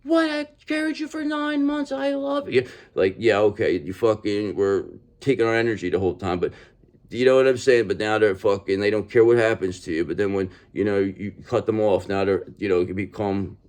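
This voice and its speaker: A man giving a casual, animated tarot reading, bluntly swearing and checking in with "okay?" after nearly every sentence. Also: lowish voice, brisk. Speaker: tarot reader.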